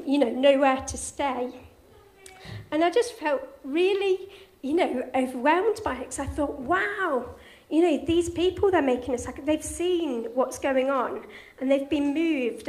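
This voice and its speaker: A woman with a high, darkish-toned voice gives an informal church talk, slightly out of breath. Cheery and encouraging, she quizzes children and tells them a story.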